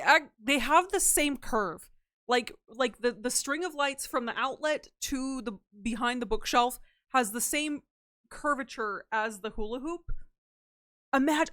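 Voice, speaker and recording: A woman's voice: high-pitched, a little slow, a bit bright, smooth, no echo, studio quality. A woman streamer chatting casually and playfully with her live chat, teasing and slipping into silly voices.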